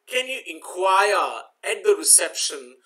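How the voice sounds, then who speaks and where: Man teaching vocabulary, bright voice. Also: sits high, sing-song, low-quality recording. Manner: explains slowly, spells words letter by letter, repeats with "okay". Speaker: English teacher. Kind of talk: exam-prep vocabulary lesson.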